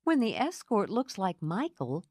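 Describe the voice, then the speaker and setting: A woman's voice: medium pitch, sing-song, unhurried, a little mellow, husky, no echo, clean studio sound, pitched above the performer's own voice, heavily acted. A woman voicing a bold, blunt woman friend who teases and pushes. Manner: brash, pushy.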